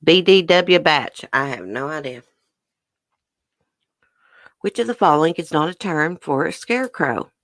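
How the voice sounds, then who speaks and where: Mouth sometimes full of brownie, a livestream host runs a casual trivia chat, reading questions and answering viewers' guesses in an expressive, chatty, unhurried way with frequent pauses. The voice sits at a middling pitch and is a bit bright. The audio is dry and close with no room sound.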